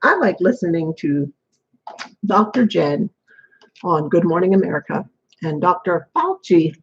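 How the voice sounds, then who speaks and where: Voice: medium pitch, sing-song, measured pace, gravelly, breathy edge. A person chatting casually to camera at home in an apartment, rambling and repeating phrases. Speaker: vlogger. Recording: dull lo-fi home recording.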